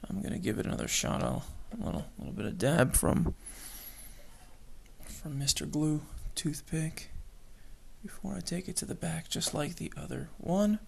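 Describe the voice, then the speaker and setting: A man's voice: on the high side, big pitch swings, normal speed, creaky, slightly rough. A man narrating his model kit build, muttering and whispering to himself as he works, with jokey self-mocking asides. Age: adult with children. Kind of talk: hobby build video narration.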